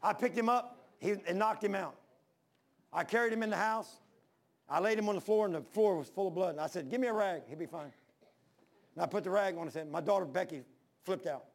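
Older man, preacher, animated storytelling sermon, gravelly, high voice. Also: a little fast. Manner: animated, acts out the voices in his stories.

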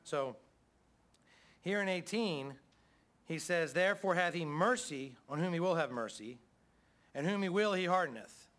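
A man's voice: a little high, animated, a little slow, pauses often, fairly bright tone. A middle-aged man preaching a sermon as pastor, in a folksy, conversational way with frequent calls of amen.

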